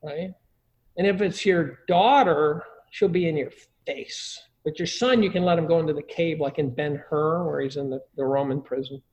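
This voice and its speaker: A man's voice: fairly high pitch, moderate pace, a little mellow, lo-fi sound. A middle-aged man giving crude, joking parenting advice in a casual conversation.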